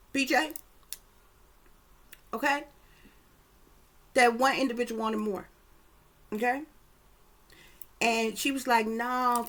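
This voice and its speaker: A woman's voice: fairly high pitch, bright, forceful tone. A woman giving a casual psychic reading, talking emphatically with lots of swearing and often checking that her listeners follow. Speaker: psychic reader.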